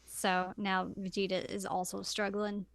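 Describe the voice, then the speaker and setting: A woman's voice: mid-range voice, completely flat delivery, a little slow, no echo, studio quality. Wry woman co-hosting a podcast. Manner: wry, adds short quips. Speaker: podcast co-host. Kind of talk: casual episode recap.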